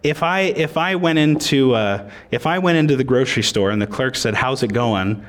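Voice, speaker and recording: A man's voice: on the high side, animated, fairly quick. Joking conversational male preacher. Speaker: pastor. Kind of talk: sermon.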